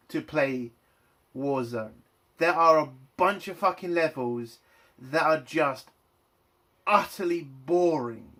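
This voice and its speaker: A man's voice: mid-range voice, a bit bright. A man and army veteran giving a heated, profane rant reviewing a game's campaign. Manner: angry, profane, exasperated. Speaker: game reviewer. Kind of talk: ranting game review.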